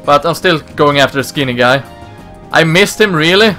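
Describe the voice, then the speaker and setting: A man's voice: a little high, lively intonation, normal speed, bright, forceful tone, faint music behind. A man casually commenting on his gameplay in a chatty way, reading dialogue aloud in voices. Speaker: let's play host.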